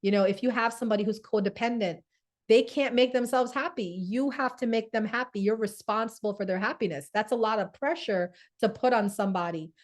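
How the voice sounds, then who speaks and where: A woman's voice: on the high side, brisk. A woman hosting a live-stream wellness talk, chatty, answering viewer comments and often asking "right?". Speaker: host.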